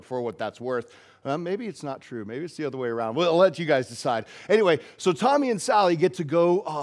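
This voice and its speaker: Casual storytelling pastor, slightly high voice. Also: male voice. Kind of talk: sermon. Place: church.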